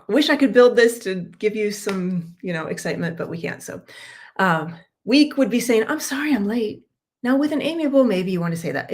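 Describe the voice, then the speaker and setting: A middle-aged woman leading a livestreamed coaching talk, energetic and expressive, acting out example phrases and laughing often. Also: mid-range voice. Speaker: workshop leader and trainer. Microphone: computer mic on a live stream.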